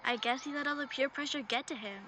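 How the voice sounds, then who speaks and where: An actress playing Nikki, a soft-hearted teenage girl fan in an indie film, wistful and sympathetic. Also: sits high, fast, a little hiss or hum, low-quality recording.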